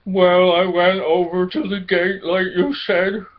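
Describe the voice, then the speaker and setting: Brief: man doing a mournful female storybook cow, high and slow, plaintive. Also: little pitch movement. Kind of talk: children's storybook reading. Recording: dull lo-fi recording.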